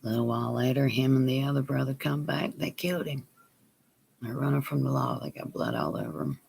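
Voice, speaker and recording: A man telling a personal story on his vlog, plain and unhurried, sometimes dropping to a near whisper. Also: medium pitch, expressive, gravelly, a little mellow, husky. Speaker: vlogger.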